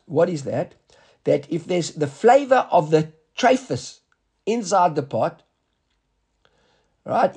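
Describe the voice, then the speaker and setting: A man teaching a Talmud class in a slightly raised, gravelly voice with a husky edge. He talks in quick bursts, restarts his sentences and keeps checking that his students follow. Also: on the high side, dark tone.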